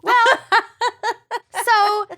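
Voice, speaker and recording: A woman's voice: very high voice, level tone, extremely slow, pushed and bright. A young woman co-hosting a casual true crime podcast, laughing often as she chats with friends. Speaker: podcast co-host. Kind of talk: casual chat.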